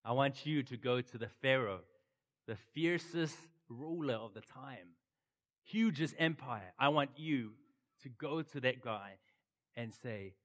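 A middle-aged man preaching a sermon and telling the story with animated swings from loud to hushed. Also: medium pitch, unhurried, big-room sound. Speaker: pastor.

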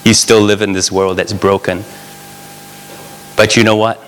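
Male preacher, earnest and conversational, talks straight to his congregation; sharp, forward tone; church hall with a long tail of reverb. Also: fairly low pitch, level tone, measured pace, clean tone. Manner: earnest, conversational preaching that addresses listeners directly. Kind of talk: sermon.

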